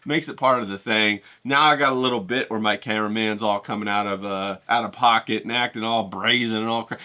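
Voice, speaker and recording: A man's voice: fairly low pitch, fairly even intonation, brisk, few pauses, bright, forceful tone. A man vlogging to camera, joking and rambling, talking straight to his viewers and swearing freely. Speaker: painter and vlogger. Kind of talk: casual talk to camera.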